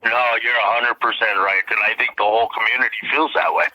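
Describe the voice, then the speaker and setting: A man's voice: mid-range voice, fast talker, bright, forceful tone. A man with a strong Minnesota accent, a comedian guest telling folksy, blunt stories on a phone call. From Minnesota Iron Range. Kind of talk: casual storytelling on a phone call. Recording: phone line.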